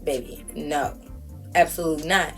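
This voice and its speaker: A woman vlogger telling a story to her viewers in a casual, animated, exasperated way with plenty of slang. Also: low voice, normal speed, soft background music.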